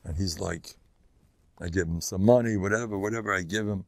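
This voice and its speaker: An older man a gravelly voice, a rabbi giving an informal lecture, joking, boastful and self-mocking. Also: deep voice, brisk, dry recording. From United States.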